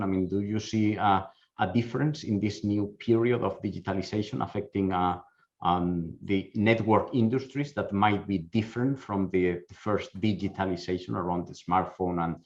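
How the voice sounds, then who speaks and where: A man moderating a round-table discussion, speaking in a measured way with frequent filler sounds. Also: lowish voice. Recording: dull lo-fi audio.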